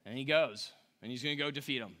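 A pastor preaches a chatty, conversational sermon, reading scripture aloud and tossing in casual asides with a few chuckles. His voice is medium-pitched, quick, bright, and forceful.

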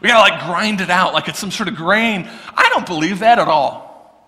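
A man preaching a sermon in a lively, conversational way. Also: high voice, measured pace, long reverb tail. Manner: animated, conversational preaching with acted-out quotes. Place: church sanctuary.

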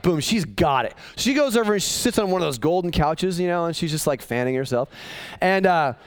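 Man pastor, animated sermon, higher voice, close, dry sound. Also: no room sound. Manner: animated, conversational storyteller with jokes.

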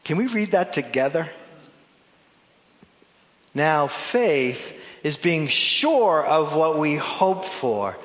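A male pastor delivers a lively sermon in a church sanctuary, his somewhat high voice ringing out with a long reverb tail. He swings from forceful emphasis to slow, hushed phrases and drops in playful asides to the congregation. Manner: animated preaching, swings between loud emphasis and soft drawn-out phrases.

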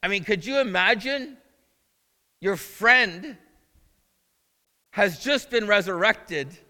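A man's voice: sits high, lively intonation, takes it slowly, sharp tone. A male pastor preaching a sermon in a conversational way, asking the listeners questions as he goes. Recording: long reverb of a large hall.

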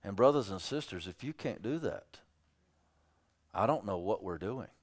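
A man's voice: on the low side, expressive, moderate pace. A man preaching a sermon as pastor, emphatic, often repeating his phrases for weight.

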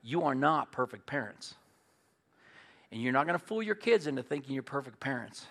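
Telling stories in a folksy style, a middle-aged man preaches as pastor, alternating quiet, sincere asides with loud, forceful points. His mid-range voice is creaky, swings widely in pitch, and keeps a moderate pace.

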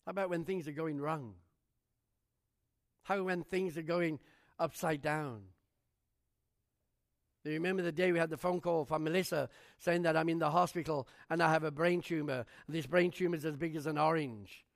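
A man preaching a sermon, telling his own testimony with animated storytelling and fervent rhetorical questions. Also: fairly high pitch, normal speed, gravelly, pauses often.

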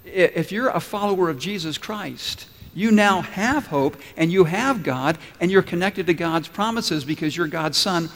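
A man's voice: on the high side, a bit bright. A man preaching a sermon as pastor, asking the congregation questions and telling a story. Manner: asks the congregation questions and lets them answer. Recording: long reverb from a large room.

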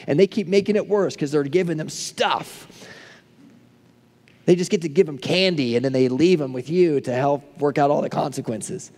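A male pastor preaching a sermon, building to impassioned peaks and then falling to hushed, soft prayer. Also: on the high side, normal speed, long reverb tail. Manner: impassioned, rising to near shouts then dropping to hushed tones.

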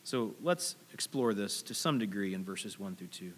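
The big-room sound of a church sanctuary carries this thirty-something pastor's lowish, fairly bright voice, which has lively intonation and normal speed. He weaves stories into his sermon casually, with asides addressed to the congregation.

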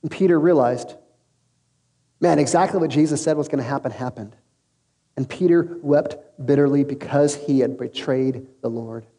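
A man's voice: medium pitch, normal speed. A male pastor preaching a sermon in a casual, storytelling way, acting out the characters he quotes. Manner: storytelling, casual slang, lively acted quotes. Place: large room with an audience. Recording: long reverb in a hall.

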